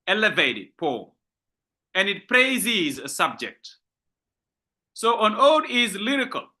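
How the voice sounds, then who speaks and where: A man with a giving a university literature lecture, explaining terms slowly, repeating and rephrasing points, often checking in with "okay?". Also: high-pitched, sharp tone. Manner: slow deliberate delivery with frequent rephrasing.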